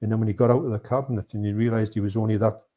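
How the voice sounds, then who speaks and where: A man's voice: on the low side, fairly even intonation, very fast, mellow. A man co-hosting a live movie chat, rambling and chatty, reading out viewer comments. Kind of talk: casual live-stream chat.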